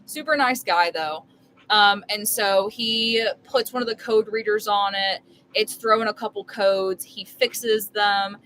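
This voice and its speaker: A young woman chats into a live stream from inside her RV as she makes dinner. She tells her story casually and emphatically, rambling on with filler words. Her voice sits at a middle pitch, with a faint hum of background noise behind it. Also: unhurried, fairly bright tone, poor audio. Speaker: full-time RV live streamer.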